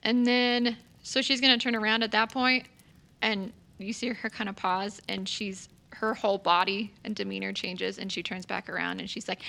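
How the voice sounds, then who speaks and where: A woman's voice: medium pitch, steady tone, moderate pace, vocal fry, pushed and bright. A woman playing a tabletop game, chatting casually about her character. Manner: conversational, with fillers. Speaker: player.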